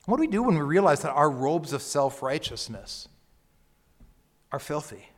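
Male pastor, slightly high voice, preaching a sermon, soft near-whispers and loud calls, long hall reverb. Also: very animated, moderate pace. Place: church sanctuary.

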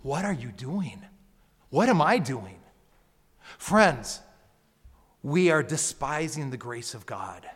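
Slow-preaching man in a reverberant church. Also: mid-range voice, big pitch swings, husky. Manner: slow, emphatic preaching, dropping to near-whispers and rising to loud calls. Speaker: pastor. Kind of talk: sermon. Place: church sanctuary. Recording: long hall reverb.

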